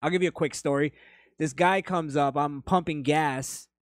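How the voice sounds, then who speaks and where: On a studio-quality recording with no room sound, a man with a slightly high voice and fairly even intonation hosts a podcast at a moderate pace. He goes through chat comments and rambling anecdotes in a blunt, casual style, swearing freely.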